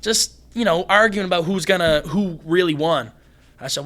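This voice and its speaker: A young man from Canada, a fighter guest on a podcast, talking fast and excitedly and swearing freely. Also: sits high. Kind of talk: casual podcast conversation.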